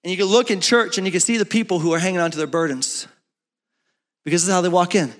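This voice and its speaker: A man preaching a sermon as pastor in a church, swinging from loud, shouted peaks down to low, soft talk. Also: fast. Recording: long reverb of a church hall.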